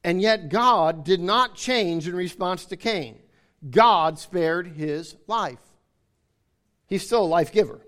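A man with a high voice preaches a sermon with emphasis. He repeats key phrases to drive his points home and calls out to his listeners for agreement. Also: expressive, slow, a bit bright.

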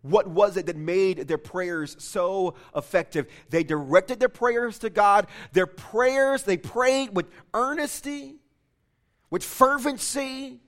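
A man's voice: sits high, slow, a bit bright. A man preaching a sermon, reading a story aloud with impassioned, emphatic delivery. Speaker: pastor.

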